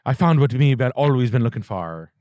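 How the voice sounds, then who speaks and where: A man's voice: medium pitch, animated, fairly quick, darkish tone, no room sound, lightly acted. A man putting on a boisterous mock-Irish lad. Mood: joking. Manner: jokey, self-mocking. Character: boisterous stage-Irish man chasing a lass. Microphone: podcast mic.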